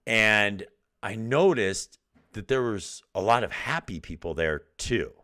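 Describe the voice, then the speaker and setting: A middle-aged man gives a motivational talk as a host. His voice sits a little low but sounds bright and forceful. He tells his stories earnestly, often restarting his sentences. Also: lively intonation, measured pace. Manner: earnest storytelling with self-quotes and restarts. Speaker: podcast host.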